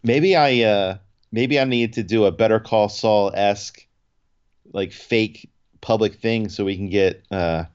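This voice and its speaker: A man's voice: on the low side, a little slow, smooth, dull audio. A man co-hosting a podcast, telling a story in casual chat with lots of restarts and fillers. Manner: animated storytelling, many restarts and 'like'. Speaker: podcast co-host.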